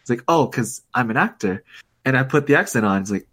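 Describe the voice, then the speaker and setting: A man's voice: medium pitch, expressive, fairly quick, fairly bright tone. A young man co-hosting a podcast, rambling through casual chat and laughing often. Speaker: podcast co-host.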